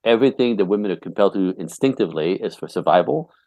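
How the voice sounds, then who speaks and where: A man's voice: low-pitched, lively intonation, racing, a little mellow, no room sound. A man who works as a relationship coach, talking bluntly and emphatically as a podcast guest and laughing often. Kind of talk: casual interview talk.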